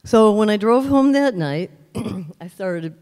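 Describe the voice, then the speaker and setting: A woman's voice: medium pitch, animated, takes it slowly, a little mellow, clear, resonant tone, big-room sound. A woman in her fifties giving an earnest personal testimony at a church service, telling her story with emphatic repetition. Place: large church sanctuary.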